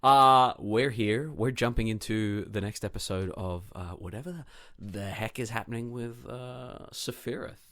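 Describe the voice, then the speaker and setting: A man's voice: on the low side, measured pace. A man co-hosting a tabletop roleplay podcast, chatting casually and joking with laughter. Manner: jokey, laughing, animated. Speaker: podcast co-host and game master. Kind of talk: casual banter.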